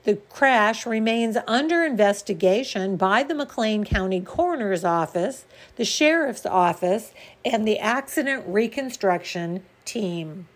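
Woman news reader, local radio bulletin, unhurried and deliberate, mid-pitched voice. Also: animated. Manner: measured, deliberate delivery with occasional stumbles.

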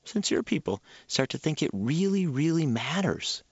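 A man speaking as a guest on a public radio talk show, making his points in an emphatic, animated way. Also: on the high side, moderate pace, slightly rough, no echo, dull audio. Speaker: guest commentator.

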